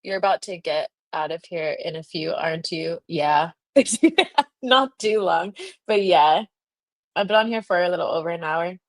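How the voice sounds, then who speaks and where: A woman's voice: on the low side, normal speed, no room sound. A young woman hosting a livestream, telling a story casually, laughing often and saying "like" a lot. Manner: giggly, laughs often, lots of "like" fillers. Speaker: livestream host.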